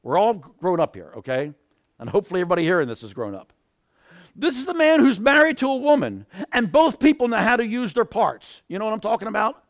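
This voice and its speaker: A male pastor preaching a sermon, animated, acting out little scenes and bursting into shouts. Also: sits high, quick pace. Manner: animated, acts out scenarios, sudden shouts.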